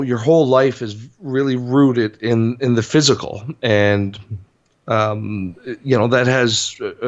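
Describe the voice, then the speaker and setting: Podcast co-host, male, unhurried and halting, slightly dull lo-fi sound. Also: mid-range voice. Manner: halting, hesitant, explaining. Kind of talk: casual podcast chat.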